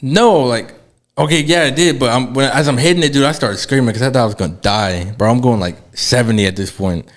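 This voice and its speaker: A man's voice: mid-range voice, fairly quick. A man hosting a podcast, telling a story in casual chat, swearing a lot and acting out what other people said. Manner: animated storytelling, acts out voices of others; swears heavily, says dude and bro. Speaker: podcast host.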